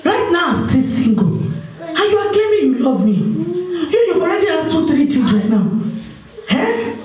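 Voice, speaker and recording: A woman with a Nigerian accent playing a single woman desperate to marry, pleading and complaining on a phone call in a church stage drama, with bursts of shouting. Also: extremely high pitch, sing-song, normal speed. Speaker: stage actor. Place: stage in an echoey hall. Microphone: distant mic. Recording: echoey hall, distant microphone.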